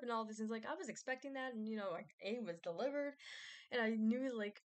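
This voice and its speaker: A woman's voice: on the high side, brisk. A woman vlogger rambling casually, with many fillers, restarts and self-doubt.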